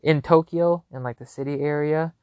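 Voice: mid-range voice, fairly even intonation, moderate pace, a little mellow, clean tone, no room sound. Rambling, chatty vlogger with a dry sound. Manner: chatty, filler-heavy with constant "like", casual swearing; loose, self-correcting. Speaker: vlogger recounting a trip. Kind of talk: casual rambling storytelling.

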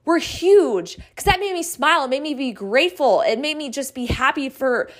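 A woman podcast host telling a personal story in a casual, excitable, chatty way, acting out the quoted lines. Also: high voice, moderate pace.

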